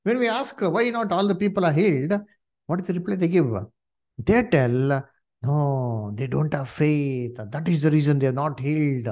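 A man preaching a sermon to his congregation, asking rhetorical questions and filling pauses with "you see" and "uh". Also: on the high side, darkish tone.

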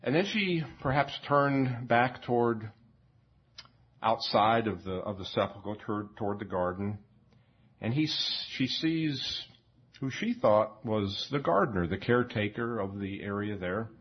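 A man preaching a sermon in a slow, reflective way, often repeating words and pausing with fillers. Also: fairly low pitch, animated, slightly rough. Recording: dull lo-fi recording.

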